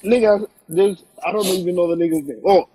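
This young man has a high, mellow voice and talks fairly quickly. Co-hosting a podcast by phone on an Instagram live stream, he keeps the casual chat brash, profane and emphatic, and the audio is poor with slight background noise.

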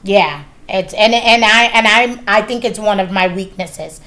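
A woman's voice: mid-range voice, unhurried, pushed and bright. A woman in her thirties hosting a casual chat, candid and swearing freely, with lots of fillers. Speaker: podcast host.

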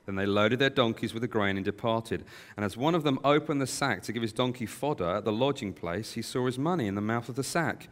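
A man reading scripture aloud in a plain, measured way, now and then correcting himself. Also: medium pitch. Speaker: scripture reader. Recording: long hall reverb.

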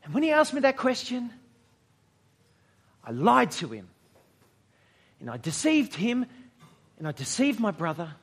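A man preaching a sermon at a church service, measured and reflective, with dramatic pauses and moments where he drops almost to a whisper. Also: sits high, huge pitch swings, breathy edge. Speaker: pastor.

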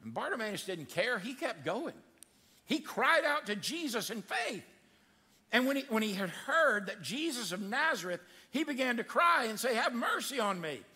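Male pastor: dramatic, animated sermon delivery, bright voice, echoing church hall. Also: normal speed. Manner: animated, acts out quotes with big pitch swings. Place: church sanctuary.

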